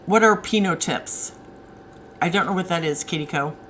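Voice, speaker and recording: Chatty woman author with a bright tone. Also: fairly low pitch, normal speed, slight background noise, rough recording. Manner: chatty, answers viewer comments as they come in. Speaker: author hosting a live stream. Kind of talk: casual live-stream chat.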